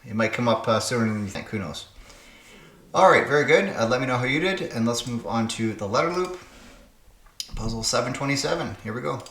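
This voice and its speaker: A man's voice: mid-range voice, expressive, a little fast, a bit bright, roomy sound. A man hosting his own puzzle channel, thinking aloud and muttering to himself as he solves word games. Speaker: puzzle game channel host. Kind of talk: casual solo puzzle-solving commentary.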